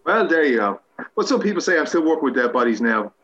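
A man's voice: on the high side, sing-song, quick pace, lo-fi sound, background noise. An Irish man, a guest actor, telling rambling, self-mocking anecdotes with many restarts in a casual interview.

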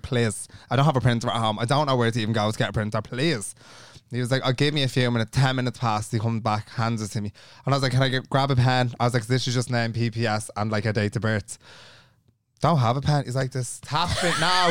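Fast-talking Irish man telling a story. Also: mid-range voice, smooth, no room sound, studio quality. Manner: animated, acts out every voice in his story, swears freely. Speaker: podcast co-host. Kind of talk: casual storytelling chat.

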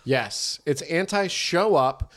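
A man from Northern California co-hosting a casual podcast, chiming in with quick jokes and reactions. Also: a little high, expressive, fairly bright tone. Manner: quick reactive banter, jokey interjections. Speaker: podcast co-host.

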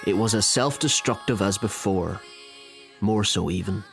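A man giving the scripted narration of a documentary in a measured, even way. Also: fairly low pitch, creaky, soft background music.

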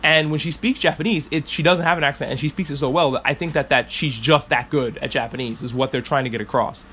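Profane, excitable fan podcaster, slightly raised pitch. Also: male voice, quick pace, highs cut off, slight background noise. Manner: rambling, profane, enthusiastic fan. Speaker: podcast host. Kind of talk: casual anime discussion.

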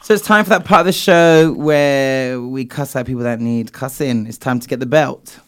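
A man's voice: medium pitch, normal speed, background noise. A man hosting a podcast in casual chat, playful and theatrical. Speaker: podcast host.

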